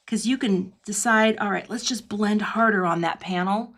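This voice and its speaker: A middle-aged woman teaching cardmaking in a live online demo, chatting and laughing often, her voice dropping low when she concentrates. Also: moderate pace, a bit bright. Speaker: cardmaking instructor. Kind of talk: live online craft demonstration.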